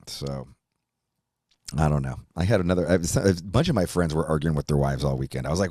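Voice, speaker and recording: A middle-aged man hosting a podcast, rambling through a profane, animated monologue. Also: a bass voice, fairly quick, no room sound, studio quality. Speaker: podcast host. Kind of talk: casual chat.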